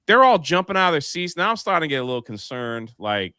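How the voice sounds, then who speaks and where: A man's voice: fairly high pitch, quick pace, clean tone, no room sound, studio quality. A man hosting a casual live panel show, telling a story and acting out the voices in it. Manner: animated, acts out the voices in his anecdotes.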